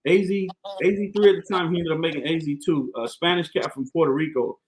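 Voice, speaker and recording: A man tells animated, slangy stories about his Navy days as a podcast guest. His voice sits on the high side, and a faint hiss runs behind him. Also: fast, low-quality recording. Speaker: podcast guest, Navy command master chief. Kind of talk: casual storytelling.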